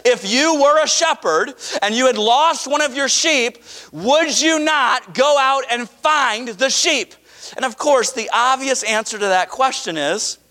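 A man preaching a sermon to his congregation, emphatic and animated, mixing scripture reading with casual asides. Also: extremely high pitch. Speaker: pastor.

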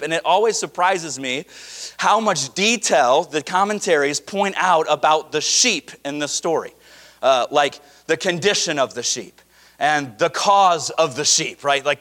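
High, bright-voiced male preacher. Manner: animated, emphatic preaching with casual asides. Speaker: pastor. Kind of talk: sermon.

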